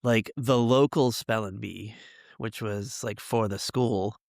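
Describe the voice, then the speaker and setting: A man's voice: fairly low pitch, fairly even intonation, takes it slowly, gravelly, a little mellow, no echo, studio quality. A man co-hosting a podcast, telling rambling school stories in casual chat with lots of fillers. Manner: rambling, many fillers and laughs. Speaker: podcast co-host.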